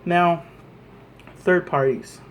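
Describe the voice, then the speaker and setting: A man's voice: sits high, fairly even intonation, extremely slow, slight background noise. A man vlogging an angry, profane rant to camera, repeating himself as he presses his points.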